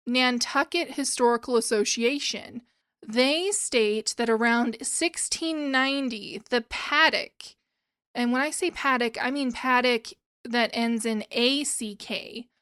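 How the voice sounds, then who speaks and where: Brief: chatty woman host of a book podcast, talking casually with a light, fairly high voice, dry sound. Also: fairly bright tone, no echo. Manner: chatty, with asides and restarts. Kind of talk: casual podcast chat about classic literature. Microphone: new microphones.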